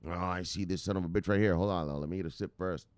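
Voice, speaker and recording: A man hosting a crypto channel livestream, reading viewer comments in an excitable, profane, joking way with shouted catchphrases. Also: sits low, fast talker, clear, resonant tone, no echo.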